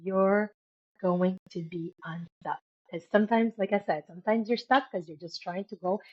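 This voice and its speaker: A woman's voice: medium pitch, moderate pace, muffled recording. A woman guest in an interview, speaking earnestly and emphatically about moving through hard times, repeating key words for stress. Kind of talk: motivational interview talk.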